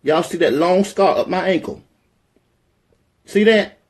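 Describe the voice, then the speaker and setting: A woman telling a personal story in a casual vlog, animated and profane, talking straight to her viewers. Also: fairly low pitch, a little slow.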